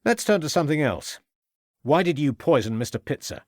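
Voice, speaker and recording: A man's voice: a little high, expressive, fairly quick, dry recording, studio quality, voice pushed up, close to an everyday voice. A man voicing a stern, shrewd police inspector in an audiobook, firm and pressing in his questioning. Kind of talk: audiobook character voice.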